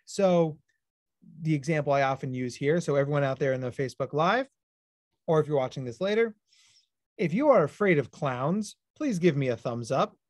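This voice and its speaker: High-energy man giving a psychology talk. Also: no echo. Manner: high-energy, animated storytelling; explains plainly, then illustrates with stories. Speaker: clinical psychologist presenter. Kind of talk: livestreamed talk to parents.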